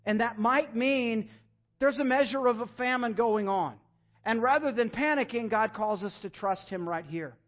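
Man, young, pastor, sermon, earnest, emphatic, high-pitched voice, muffled recording. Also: measured pace. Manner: earnest, rising to emphatic pleading then dropping soft. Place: church sanctuary.

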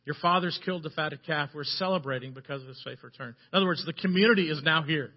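A man preaching a sermon, telling the story with animated shifts between loud passages and hushed ones. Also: fairly high pitch, fast talker, few pauses, dull audio.

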